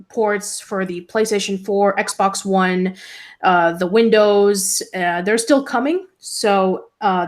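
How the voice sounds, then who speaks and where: A woman co-hosting a relaxed online talk show. She talks at an ordinary pitch and pace and reads out news items. Her delivery is halting and full of fillers. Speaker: co-host. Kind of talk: casual podcast chat.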